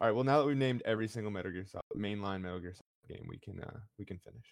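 Male podcast co-host, lower-pitched, dry close sound, laughs a lot. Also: vocal fry, no echo. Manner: laughing often, quick asides. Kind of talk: casual gaming chat.

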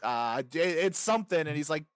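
A man co-hosting a casual gaming podcast, animated and rambling, swearing freely with lots of fillers. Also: fairly high pitch, brisk, clear, resonant tone, dry recording, studio quality. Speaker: podcast co-host.

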